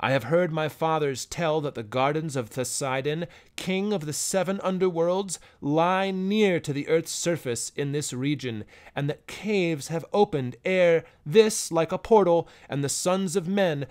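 A man voicing a half-senile old goatherd who scolds and wails in a loud, trembling voice for an audiobook. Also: a little high, animated, unhurried, smooth. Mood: fearful wailing. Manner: wailing, cursing, loud and trembling. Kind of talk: audiobook character voice.

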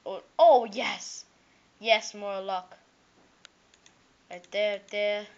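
Woman gamer narrating her play, slow-paced and fairly high, chatty and excitable, dull lo-fi mic. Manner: chatty, excitable, jokey, with sing-song repetitions. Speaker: gameplay commentator. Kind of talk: casual game commentary.

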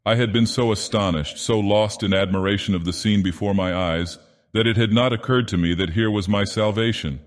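A man reading a classic short story aloud while putting on the voice of an ancient, godlike male villain, with slow, measured, theatrical delivery. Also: fairly low pitch, natural voice. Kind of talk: audiobook narration in character. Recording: long reverb added.

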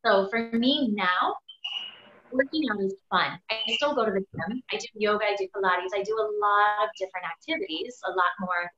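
A woman's voice: mid-range voice, moderate pace, bright, forceful tone. A woman chiropractor giving a webinar talk, telling her own story in a candid, emphatic way and swearing freely, over a video call. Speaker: webinar guest speaker, chiropractor. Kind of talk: personal story told on a webinar. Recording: echoey, dull video-call audio.

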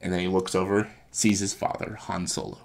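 Low-voiced young man excitedly pitching a movie. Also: fairly quick, vocal fry. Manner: breathless and profane, acting out lines and sound effects. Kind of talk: excited comedic retelling.

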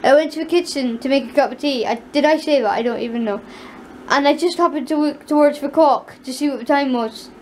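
A woman's voice: high-pitched, a little fast, slight background noise. A young woman, chatting casually in a home vlog, cooing at her pet and giggling. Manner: talks sweetly to her pet, giggly, frightened asides. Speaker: vlogger.

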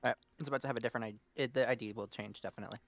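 Guy in game chat talking super fast with his mouth full, rushed. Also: mid-range voice, steady tone. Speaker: gamer chatting with friends. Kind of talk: casual voice chat while gaming.

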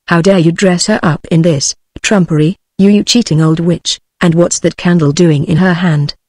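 A brawling, tipsy old captain, read by a synthetic narrator in a storybook. The lines come out flat and machine-even, with no change from the narration. The sound is dry and close. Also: medium pitch, moderate pace, no room sound. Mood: angry. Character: drunken, foul-tempered old army captain. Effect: text-to-speech voice.

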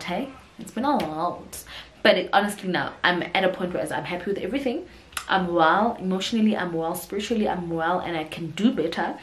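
A young woman in her twenties with a South African accent, chatting casually to camera and often saying "guys" and "yo". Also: fairly low pitch. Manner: chatty, says yo and guys a lot. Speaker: vlogger. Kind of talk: casual chat. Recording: echoey room.

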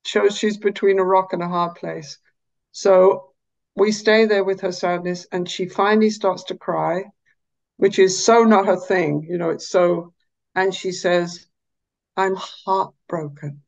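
Woman therapist talking in an interview, lively then slow and low when demoing, kinda muffled audio. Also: gravelly. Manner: animated, drops to a slow soft low voice to demonstrate therapy. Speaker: psychologist and therapist, podcast guest. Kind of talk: explanatory interview talk.

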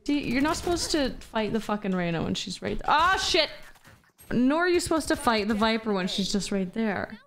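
Higher-voiced woman casually streaming a game. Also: lively intonation, fairly quick, few pauses, slight background noise. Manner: casual, swears, talks to chat between plays. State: feeling unwell, low energy. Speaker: VTuber streamer. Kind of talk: live game stream, reading chat aloud.

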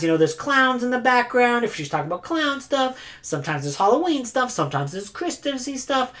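A woman booktuber chatting casually to camera, rambling with lots of "like" fillers and frequent laughs. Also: on the low side. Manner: laughs often between phrases. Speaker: booktuber giving community awards.

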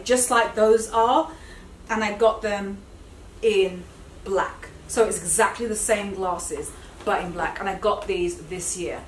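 A woman's voice: medium pitch, slight background noise. A middle-aged woman chatting enthusiastically to camera as a fashion vlogger at home, often correcting herself mid-sentence. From Britain. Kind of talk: casual chat to camera. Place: indoors at home. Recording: roomy, slightly distant home recording.

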